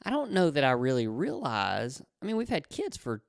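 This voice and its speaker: A man's voice: medium pitch, wildly swooping pitch, normal speed, creaky, no echo, clean studio sound. A man in his forties co-hosting a marriage podcast, telling a story in a rambling, casual way and correcting himself often. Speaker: podcast co-host.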